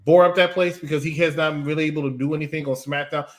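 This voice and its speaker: A man's voice: a little high, steady tone, quick pace, slight background noise. A man co-hosting a casual wrestling review show, mocking and joking. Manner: mocking, does exaggerated quoted voices. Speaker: podcast co-host.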